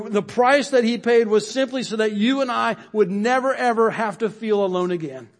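A man preaching as pastor at a service, earnest and building phrase on phrase, with his voice dropping low at the end of lines. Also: normal speed, few pauses. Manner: earnest, repeats phrases for emphasis, drops low at line ends. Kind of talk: sermon.

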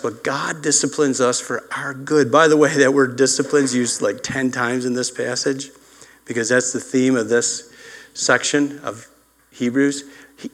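A man's voice: medium pitch, a bit bright. An older man preaching a sermon as pastor, mixing personal stories with scripture and acting out voices in quotes. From upstate New York. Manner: storytelling, acts out voices in quotes.

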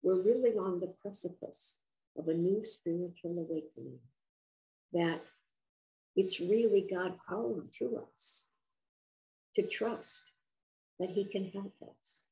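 A woman retelling the words of a kind, insistent woman visitor, speaking in a gentle, reassuring way with a low, gravelly voice. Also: slow pace, long pauses, low-quality recording.

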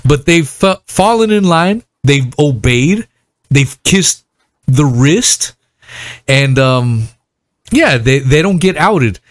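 A man's voice: on the high side, dry recording, clean studio sound. A man hosting a casual podcast chat, swearing constantly and laughing often.

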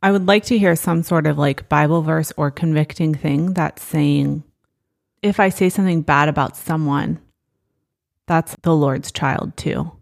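A woman's voice: low-pitched, a little slow, creaky, no room sound, clean studio sound. A woman co-hosting a faith conversation, speaking in a candid, thoughtful way. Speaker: podcast co-host.

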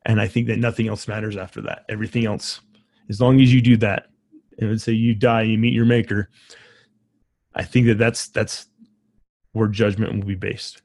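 A low-voiced man hosting a podcast speaks from the heart, haltingly and with feeling. His voice stays fairly flat, and the sound is dry and close. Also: no room sound. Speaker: podcast host. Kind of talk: casual conversation.

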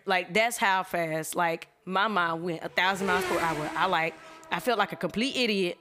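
A woman telling a personal faith testimony in an animated, colloquial storytelling manner. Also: fairly low pitch, moderate pace, noisy background. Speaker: church member giving a testimony.

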